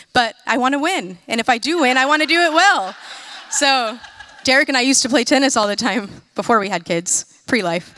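A woman in her thirties from the United States giving a sermon-style talk, telling lively, self-mocking personal stories with quick asides. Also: on the high side, no echo. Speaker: speaker.

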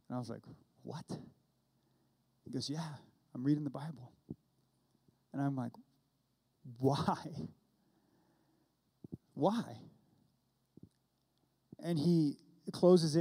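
A man's voice: medium pitch, mellow, breathy edge. A man in his forties preaching a sermon, telling a story and acting out both sides of the dialogue. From California. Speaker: pastor. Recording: long hall reverb.

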